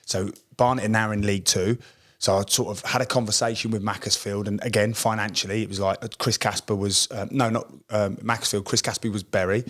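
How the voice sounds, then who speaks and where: In a casual storytelling chat, a former professional footballer from Essex co-hosting a podcast speaks fairly quickly with a lowish voice. He brings quoted dialogue to life by acting it out in lively voices.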